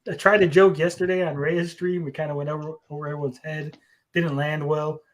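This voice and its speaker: A man's voice: a little high, little pitch movement, fairly quick, a little hiss or hum. A young man co-hosting a casual podcast, telling jokes with lots of fillers and restarts. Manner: rambling joke-teller with many fillers. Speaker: podcast co-host and comedian.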